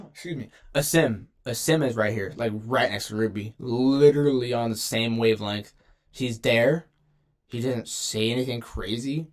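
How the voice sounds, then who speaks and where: Unhurried and medium-pitched, this young man's voice guides a laid-back tier-list commentary on game characters. As a gaming video creator, he rambles, uses slang, and often breaks off his own sentences.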